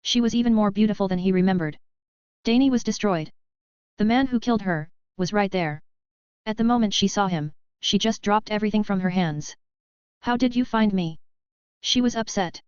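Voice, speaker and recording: Klare, gleichmäßige Hörbuchsprecherin. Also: female voice, mid-range voice, fairly quick, clear, resonant tone, dry recording, dull audio. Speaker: audiobook narrator. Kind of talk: scripted narration.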